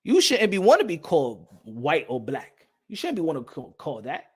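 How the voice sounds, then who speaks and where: A boxing channel host, a man with a high voice, rants heatedly to camera. He is profane and keeps repeating himself as he argues his point. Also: wildly swooping pitch, moderate pace, breathy edge. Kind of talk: casual opinion rant to camera.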